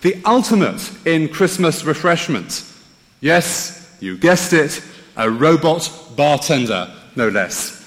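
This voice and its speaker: Male preacher, animated and wry, church-hall reverb. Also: a little high, slow. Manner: lively, wry storytelling with rhetorical questions. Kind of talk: sermon.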